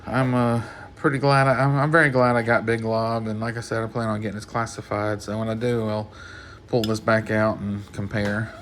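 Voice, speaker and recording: A soft-spoken man doing a casual mail-call vlog about his toys, talking haltingly with many restarts, at home. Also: fairly low pitch, flat delivery, a little hiss or hum. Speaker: toy collector vlogger.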